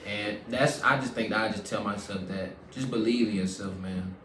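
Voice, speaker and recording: A man's voice: lowish voice, moderate pace. A man hosting a casual faith podcast, earnest and affirming, often repeating key words back. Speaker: podcast host. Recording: roomy sound, mic at a distance, faint noise.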